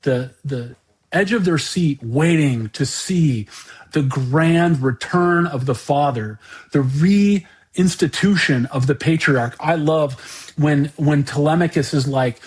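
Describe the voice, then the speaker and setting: Higher-voiced man musing with many restarts. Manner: halting, many repeated words and restarts. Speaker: podcast host. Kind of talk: unscripted monologue commentary.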